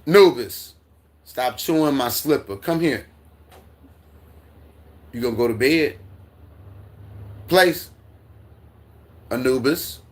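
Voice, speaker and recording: A middle-aged man from the United States reads chat on a casual livestream at home, his dog with him. His medium-pitched voice is animated but slow, with frequent pauses, and his rambling answers are full of stammers, restarts and chuckles.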